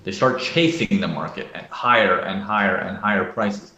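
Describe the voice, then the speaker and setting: A man's voice: on the low side, moderate pace, hardly any pauses, sharp tone, reverberant, muffled recording. A man teaching live trading analysis, who often checks in with "okay?" and acts out panicking traders. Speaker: trading educator.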